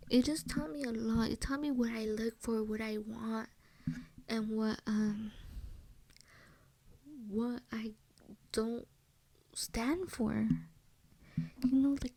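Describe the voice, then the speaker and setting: A young woman hosting a solo podcast, telling a personal story casually, with slang and Spanish phrases mixed in, often dropping to a soft whisper. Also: on the high side, flat delivery, slow pace, pauses often, no room sound. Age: young adult.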